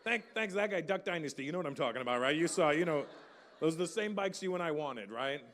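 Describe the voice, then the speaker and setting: A man's voice: a little high, lively intonation, fast, fairly bright tone, a little hiss or hum. A middle-aged man doing a live stand-up set, telling stories and swearing freely as he chats with the crowd. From Canada. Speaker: stand-up comedian. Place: large live venue on stage. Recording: live hall reverb with faint ambience.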